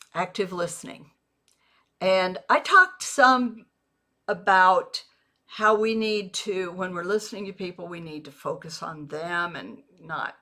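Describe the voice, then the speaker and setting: A woman who works as a network marketing mentor, teaching a video lesson in a measured, deliberate way and repeating example phrases. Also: medium pitch, a bit bright.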